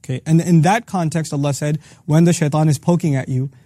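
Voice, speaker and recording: A man teaching a lesson on the Quran, earnestly rephrasing each phrase several ways and reciting Arabic verses quickly between his English explanations. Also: on the high side, steady tone, mellow, dry recording. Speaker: Quran teacher hosting a series.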